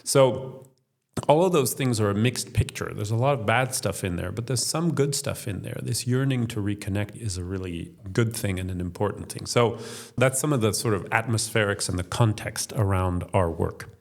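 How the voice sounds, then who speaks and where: Guy with a low, gravelly voice explaining stuff step by step in an interview. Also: moderate pace. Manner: structured, explanatory, lists points in order. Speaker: think tank chief executive, podcast guest. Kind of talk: interview answers.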